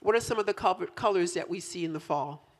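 Animated woman preaching a sermon. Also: lowish voice, fast talker. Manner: animated, rising to loud emphatic peaks, teasing the congregation. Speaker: pastor. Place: church in central New York.

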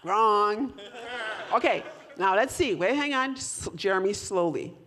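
A woman's voice: mid-range voice, expressive, unhurried, a crowd in the background. A woman leading a live audience through a whisper game, coaxing volunteers and laughing often. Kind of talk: lively audience participation.

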